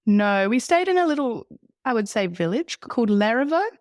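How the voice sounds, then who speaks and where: A woman's voice: fairly high pitch, very animated, normal speed, no room sound, studio quality. A middle-aged woman with a New Zealand accent, chatting easily as a podcast guest and laughing often. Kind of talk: casual travel chat.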